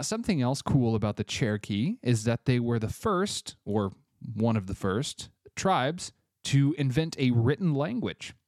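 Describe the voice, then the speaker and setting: A man's voice: medium pitch, darkish tone, no room sound, studio quality. A man from Tennessee, hosting a casual solo podcast with offhand, chatty asides, a bit congested. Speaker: podcast host.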